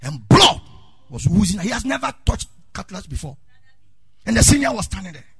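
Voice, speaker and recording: Preaching as pastor, a middle-aged Ghanaian man shouts to the congregation in a sing-song cadence and recounts personal stories. He has a high, creaky voice with a breathy edge, stays very animated at a moderate pace, and the recording has no echo.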